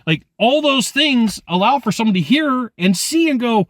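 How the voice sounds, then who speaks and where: A man giving energetic direct-to-camera sales training, emphatic and animated, acting out people's reactions as he talks. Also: high-pitched, normal speed, hardly any pauses, no room sound, studio quality.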